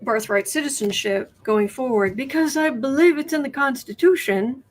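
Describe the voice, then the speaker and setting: She has a high-pitched voice and talks at a normal speed. This American woman hosts an informal tarot livestream over a webcam microphone, chatting and reasoning aloud as she reads questions from her viewers.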